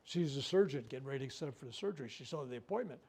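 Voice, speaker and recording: A man, a reverend, telling healing stories in a lively workshop talk before a live audience, acting out what people said. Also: mid-range voice, rapid-fire, slightly rough. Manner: animated storyteller, acts out quoted speech. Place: room at a medical center, before a live audience.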